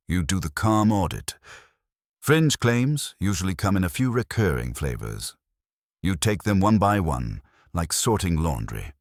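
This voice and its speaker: A man with an extremely deep voice narrates in a calm, sleep-friendly scripted style. His delivery is gently wry, and his intonation moves more than you'd expect. The sound is dry and close, with no room echo.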